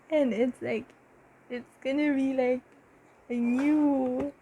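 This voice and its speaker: Slow, chatty woman. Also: high-pitched, steady tone, mellow, a little hiss or hum. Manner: chatty, halting with many fillers, bursts of giddy laughter. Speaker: tarot reader. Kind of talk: casual pick-a-card tarot reading.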